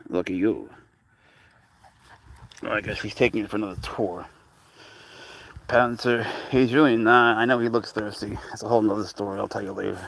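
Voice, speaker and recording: Man, cat-owner host, gravelly voice, dry close sound, rambling chatty livestream delivery. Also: no echo. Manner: chatty, rambling asides, coos at his cat in a high voice. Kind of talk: casual livestream chat to viewers.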